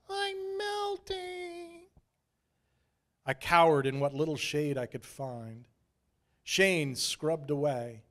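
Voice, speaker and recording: A man from Idaho telling a wry, self-deprecating story as a preacher in a sermon. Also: mid-range voice. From Idaho, USA.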